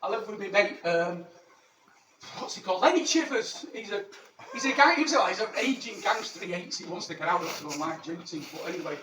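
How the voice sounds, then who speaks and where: A male comic performs a character stand-up monologue as a cheeky ancient Roman soldier living in Manchester, boastful, crude and rambling. His voice sits high and is expressive and brisk, captured on a distant, echoey mic with background noise.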